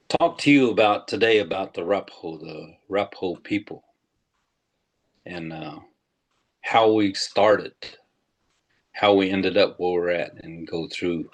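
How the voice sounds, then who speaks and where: An older man, a tribal historian, telling a legend slowly and deliberately to an audience, with pauses. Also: low voice. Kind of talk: storytelling talk.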